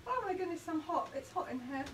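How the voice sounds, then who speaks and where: A woman's voice: very high-pitched, quick pace, roomy sound. A woman born near Liverpool, chatting and laughing as she paints in a craft video. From born near Liverpool, England. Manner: chatty, laughing, animated storytelling. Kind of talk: casual chat while painting. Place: indoor craft studio, hot room. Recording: distant mic with noticeable background noise.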